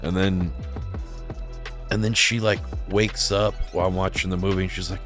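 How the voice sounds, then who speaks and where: A man's voice: sits low, fairly even intonation, normal speed, fairly bright tone, soft background music. A man telling a long, crude personal story in casual chat, rambling with lots of fillers and acting out the quoted lines in a raised voice.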